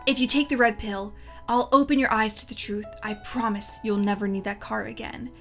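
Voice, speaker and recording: A woman voicing a solemn, cryptic young man in a video game, speaking calmly and mysteriously. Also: fairly high pitch, moderate pace, gravelly, over music.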